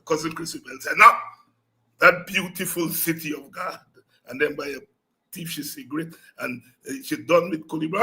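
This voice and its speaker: A man hosting a political talk show, telling animated stories and breaking into song. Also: fairly high pitch, moderate pace. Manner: animated storytelling, breaks into singing and shouting. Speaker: show host.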